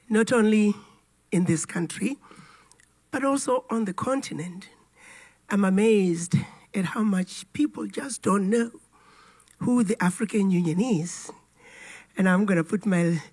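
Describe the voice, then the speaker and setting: Hoarse, raspy woman giving a speech. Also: mid-range voice, a little mellow. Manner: deliberate, emphatic storytelling delivery. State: hoarse from a cold. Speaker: keynote speaker. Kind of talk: formal public speech.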